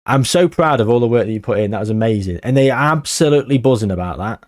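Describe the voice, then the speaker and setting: A man giving excited, swearing commentary on a football management game he is playing. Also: mid-range voice, fast. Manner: animated, swearing, shouting at the match. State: out of breath. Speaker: gaming streamer.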